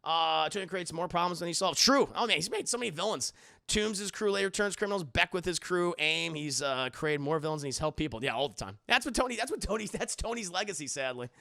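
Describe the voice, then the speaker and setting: A man recapping a film live on stream, animated and enthusiastic, thanking viewers as he goes. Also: on the high side, quick pace, vocal fry, no room sound, clean studio sound.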